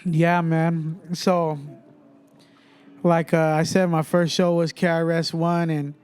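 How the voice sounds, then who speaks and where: A young man from Fresno tells a story in a loose podcast chat. His voice sits a little high and comes through smooth and clear. He slips into the voices of the people in the story as he goes. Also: takes it slowly. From Fresno, California. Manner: animated storyteller who acts out other people's voices. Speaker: rapper guest.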